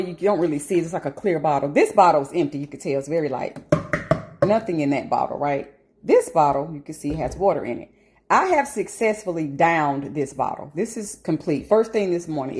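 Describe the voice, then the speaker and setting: A woman vlogger at home talking casually to the camera, animated and emphatic, slipping into rants and laughter. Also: lowish voice.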